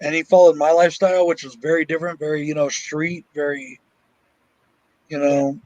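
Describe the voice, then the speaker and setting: A man's voice: on the high side, flat delivery, fairly quick, a little mellow, dry recording, dull audio. A man co-hosting a casual chat, speaking bluntly and swearing often. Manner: blunt, swears a lot, tells stories. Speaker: co-host.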